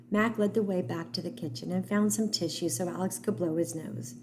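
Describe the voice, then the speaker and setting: A woman narrating an audiobook in a calm, steady storytelling manner. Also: fairly low pitch, a little fast, hardly any pauses, slight background noise.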